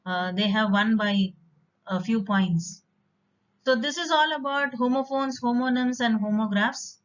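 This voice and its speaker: A woman teaches a vocabulary lesson in a patient, explanatory way, pausing on fillers as she works through examples. Her voice sits a little high, and the recording is dull and lo-fi. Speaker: English teacher.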